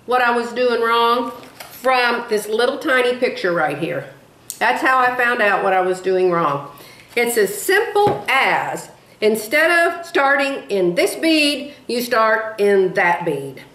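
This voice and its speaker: A woman in her sixties talks in a loose, wandering way, as if chatting with a friend, and keeps losing her thread. Her voice sits on the high side. The room around her is echoey. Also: sing-song, slow, a bit bright. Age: 60s. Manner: chatty, wanders off topic, laughs at herself. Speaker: beading vlogger. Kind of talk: rambling casual storytelling.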